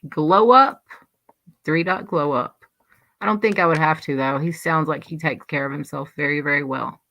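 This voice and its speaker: A woman's voice: deep voice, brisk, a bit bright, a little hiss or hum. A woman hosting a livestream, chatting casually and rambling as she reads and answers live comments. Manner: rambling, chatty, many restarts. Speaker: livestream host.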